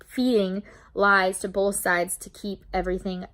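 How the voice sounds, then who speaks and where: A woman's voice: medium pitch, flat delivery, a little slow, a bit bright. A young woman casually recapping a novel for her book channel, chatty and openly emotional, swearing now and then. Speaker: book vlogger.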